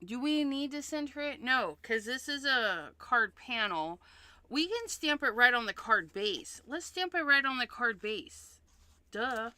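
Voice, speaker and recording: Chatty woman with a bright voice. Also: a little high, animated, unhurried, no echo. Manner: chatty, thinks aloud and repeats herself. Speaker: card-making livestream host. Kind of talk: casual crafting demonstration.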